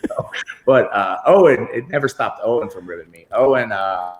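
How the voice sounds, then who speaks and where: A middle-aged guest wrestler, interviewed over a computer video call, tells long, rambling stories in a casual way and often laughs while he talks. His voice is lowish and expressive at a moderate pace, and the sound is reverberant.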